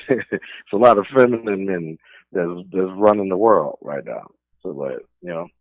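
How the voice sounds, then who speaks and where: Brief: streetwise New York sports radio host, opinionated rant, deep-ish voice, dry phone-quality sound. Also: male voice, dry recording. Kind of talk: casual sports talk radio. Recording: dry, phone-like narrow band.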